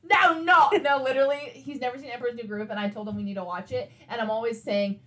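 A woman's voice: on the high side, fast, a bit bright. A woman co-hosting a podcast in casual chat, rambling through stories and laughing a lot. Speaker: podcast co-host.

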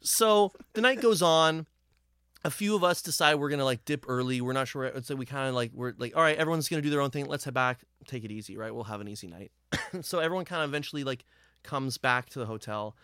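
A man's voice: mid-range voice, fast, fairly bright tone, clean tone, dry recording, clean studio sound. A man casually telling a rambling road story from touring with his band, swearing freely.

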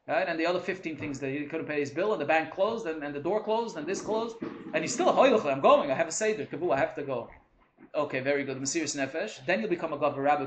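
A man giving an animated Torah lecture, switching between English and Hebrew terms and acting out complaints. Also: fairly high pitch. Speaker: Torah teacher. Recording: echoey room with faint hum.

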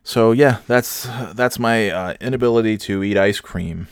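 A man's voice: on the low side, normal speed, smooth, dry recording, studio quality. A man telling a rambling comic story about himself, self-mocking and swearing freely. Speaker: comedian storyteller.

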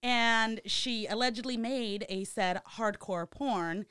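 Woman host, bright tone, gossipy, profane, dry studio sound. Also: on the high side, slow pace, clean tone, no echo. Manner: gossipy storyteller, swears freely. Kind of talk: casual chat.

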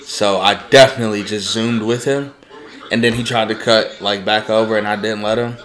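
A man's voice: on the low side, fairly even intonation, moderate pace, a bit bright. A young man co-hosting a casual podcast, telling stories with profane, joking trash talk. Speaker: podcast co-host. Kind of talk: casual chat.

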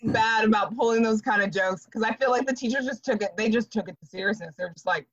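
On a muffled recording with no room sound, a thirtysomething woman speaks fast in a slightly high voice. She's a podcast guest chatting casually, laughing frequently as she tells lively stories.

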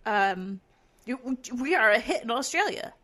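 A woman's voice: a little high, expressive, a little slow, pushed and bright. A woman co-hosting a casual podcast, rambling with many fillers and frequent laughs. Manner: rambling, giggly, lots of fillers. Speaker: podcast co-host.

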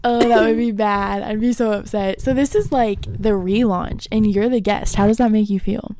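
A woman's voice: medium pitch, fairly even intonation, moderate pace, warm tone, slight background noise. A woman in her twenties hosting a podcast in casual chat, giggly, loose and chatty. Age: 20s. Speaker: podcast host.

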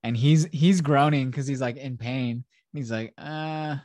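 A man's voice: mid-range voice, moderate pace, a little mellow, no echo. A man hosting a casual podcast, animatedly retelling a film scene by scene, acting out the characters and swearing freely. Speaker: podcast host.

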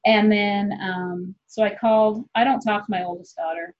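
A woman in her forties, a comedian guest, chatting casually and candidly, rambling and swearing freely with quick laughs. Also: medium pitch, steady tone, a little hiss or hum. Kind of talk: casual podcast chat. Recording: dull lo-fi sound.

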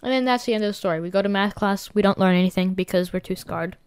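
A woman's voice: medium pitch, fast, smooth, dry recording. A woman co-hosting a podcast, telling a story in a rambling, hesitant way in casual chat. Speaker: podcast co-host.

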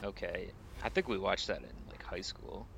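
A man's voice: low voice, moderate pace, gravelly, slight background noise, poor audio. A man co-hosting a casual movie podcast, talking through films and arguing his opinions with energy. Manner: animated, pushes back in debate. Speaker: podcast co-host.

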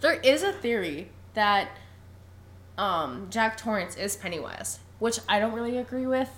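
A woman's voice: on the high side, a little slow. A young woman co-hosting a podcast, recapping a film in casual chat and acting out the characters' lines. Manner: animated, laughs often, acts out lines. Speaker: podcast co-host.

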